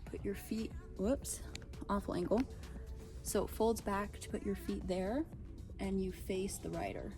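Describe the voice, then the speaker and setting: A woman's voice: medium pitch, measured pace, over music. A woman vlogger giving a casual boat walkthrough, chatty and full of fillers, a bit out of breath. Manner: chatty, filler-heavy, self-correcting.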